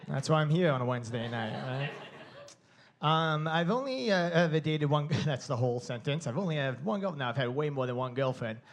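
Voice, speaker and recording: A man's voice: a little high, a little fast, a crowd in the background. A young man with a Long Island accent doing a brash, profane stand-up set. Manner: brash, swears often, animated. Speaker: stand-up comedian.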